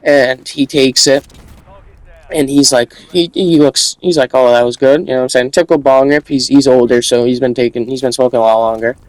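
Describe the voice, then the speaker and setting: Young guy, middle pitch, casual storytime monologue, rambling, slangy, stumbles over his words. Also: fairly even intonation, brisk, no echo, low-quality recording.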